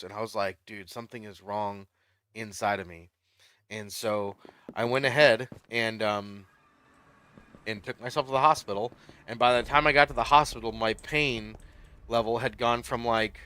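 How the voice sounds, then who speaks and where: A man's voice: medium pitch, pushed and bright. A young man casually telling a long personal story while playing a game, rambling with many fillers and getting worked up. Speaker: Minecraft YouTuber.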